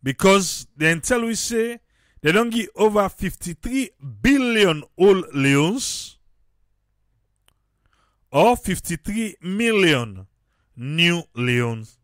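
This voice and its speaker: A man with a Sierra Leonean Krio accent giving casual political commentary, animated and repeating phrases for emphasis. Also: sits high, takes it slowly, no room sound, studio quality.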